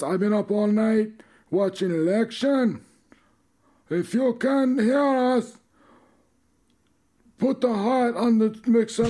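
A man voicing a comic male character, calling out in a loud, drawn-out, high-pitched way.

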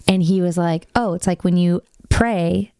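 A woman hosting a casual faith conversation, telling a story earnestly with quick asides. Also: fairly low pitch, dark tone, smooth, no room sound, clean studio sound.

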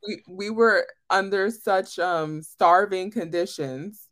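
A young woman chatting casually with her best friend, teasing and blunt, with loud animated bursts. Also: mid-range voice, takes it slowly. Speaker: podcast guest, best friend. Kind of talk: casual chat.

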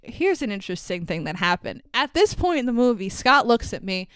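A woman co-hosting a podcast, recapping a movie in casual chat, animated and quick to swear and laugh. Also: fairly high pitch, smooth, dry recording. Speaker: podcast co-host.

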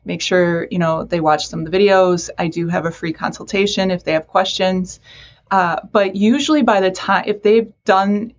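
A woman's voice: medium pitch, steady tone, normal speed, muffled recording. A woman counselor for teens, chatting casually in an interview, self-deprecating and laughing often. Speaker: mental health counselor for teens.

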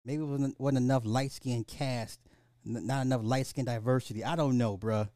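A man hosting a podcast in casual chat, animated and slangy, with lots of restarts and swearing. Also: mid-range voice, normal speed, no room sound, clean studio sound. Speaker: podcast host.

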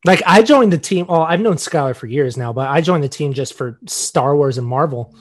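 A man co-hosting a podcast in casual chat, joking and blunt, quick to laugh. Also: a little high, lively intonation. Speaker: podcast co-host.

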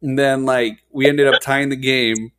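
A man's voice: mid-range voice, fairly even intonation, a little slow, a bit bright, clean tone. A young man hosting a casual podcast chat, telling a story animatedly, full of profanity and words like dude and hella.

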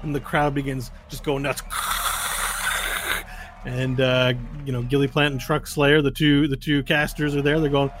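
A man narrating a tabletop game as game master, telling the story slowly and dramatically. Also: medium pitch, level tone.

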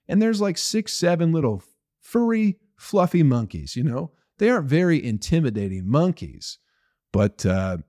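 Guy doing a solo comedy podcast, swears a ton, voice jumps all over the place. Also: medium pitch. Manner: profane, rambling, animated rants.

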